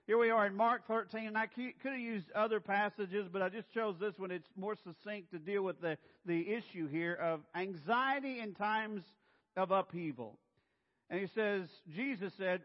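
A male pastor delivers an animated sermon in a fairly high voice. He speeds up and then slows right down to stress his points. Long reverb from the church hall surrounds him, and the sound is muffled and lo-fi. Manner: animated, pushes pace then slows for emphasis. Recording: dull, echoey hall.

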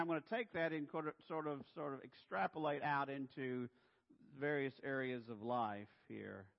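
A male pastor delivers an animated sermon in a fairly high voice. He speeds up and then slows right down to stress his points. Long reverb from the church hall surrounds him, and the sound is muffled and lo-fi. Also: creaky. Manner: animated, pushes pace then slows for emphasis. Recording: dull, echoey hall.

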